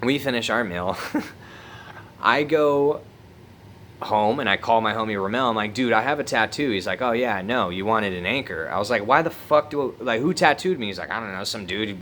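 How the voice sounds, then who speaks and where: A man's voice: lowish voice, normal speed, a bit bright, a little hiss or hum. Laid-back, swearing young man telling a story. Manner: laid-back, profane, laughs through the story. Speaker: vlogger. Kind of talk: casual storytelling.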